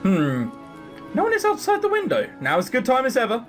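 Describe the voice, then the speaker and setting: Man reading a weary young maid in a game, quiet musing, lively pitch. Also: fairly quick, faint music behind, exaggerated voice. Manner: tired, musing to herself. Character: weary young servant girl, hopeful and curious.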